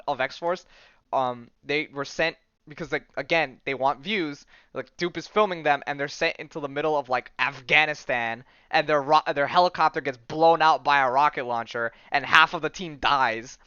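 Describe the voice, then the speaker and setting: Chatty man with a bright, rambling voice. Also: on the high side, normal speed, smooth, no echo, dull audio. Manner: rambling, heavy use of "like" and "um"; enthusiastic slang, says "dude" and "bro". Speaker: podcast host. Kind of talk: casual comic recap.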